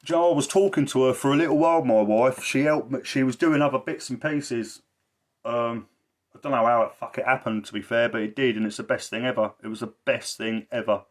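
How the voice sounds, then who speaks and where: A man's voice: mid-range voice, a little fast. A man talking in a blunt, rambling way on a casual livestream, swearing a lot and repeating himself for emphasis. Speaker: livestreamer and social care campaigner.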